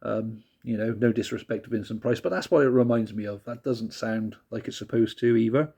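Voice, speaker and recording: A man's voice: lowish voice, brisk, gravelly, mellow, slightly rough. A man casually reviewing music tracks, laid-back and rambling, who laughs often and swears casually.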